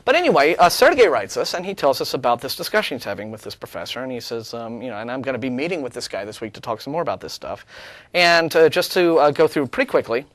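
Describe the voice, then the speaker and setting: A man's voice: medium pitch, animated, fast talker, fairly bright tone, no room sound. A man co-hosting a talk show, chatting casually in a sarcastic, rambling way with many restarts. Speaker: co-host of a call-in show. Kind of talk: casual chat.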